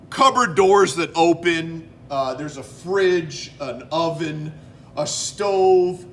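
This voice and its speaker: High, lively-voiced man from Canada. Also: a little hiss or hum. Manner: rambling, self-interrupting, chatty. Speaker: host. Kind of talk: casual collectibles show-and-tell.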